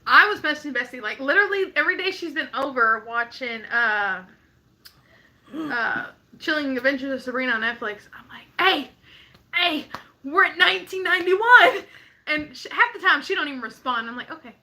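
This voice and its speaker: A giggly woman chats casually on a livestream with a friend, often breaking into laughter as she acts out what her friend says. Her voice sits high and sounds very bright and sharp. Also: expressive, a little fast. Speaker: co-host of a livestream chat. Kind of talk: casual chat.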